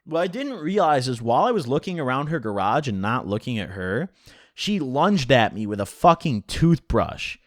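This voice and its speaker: Brief: man, casual storytime vlogger, lively up-and-down delivery, profane and chatty, dry close sound. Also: medium pitch, normal speed, no echo. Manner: animated, heavy swearing and filler "like".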